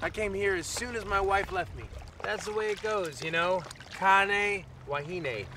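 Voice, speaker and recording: High-voiced, mellow surf dude, slangy, outdoor take with water noise. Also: male voice, unhurried. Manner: laid-back surfer slang. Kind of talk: improvised film outtake.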